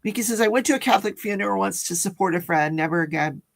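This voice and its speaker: A chatty woman hosts a casual livestream, giggling often as she reads out viewer comments and reacts to them. Her voice has a gravelly, creaky edge and sits at an ordinary middle pitch. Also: fast. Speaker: livestream host. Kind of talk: casual live-stream chat.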